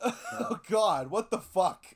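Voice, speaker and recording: Slow-talking streamer man, lively swings. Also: sits high. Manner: laughs loudly, swears, cracks up. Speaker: streamer reacting to videos. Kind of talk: live stream reaction.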